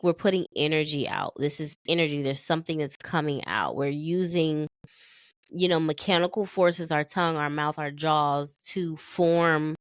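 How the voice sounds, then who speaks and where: Female podcast co-host, lower voice, rambling chatty delivery, dry close sound. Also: dry recording. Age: young adult to middle-aged, a mother. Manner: meandering, many restarts and fillers. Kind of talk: casual podcast chat.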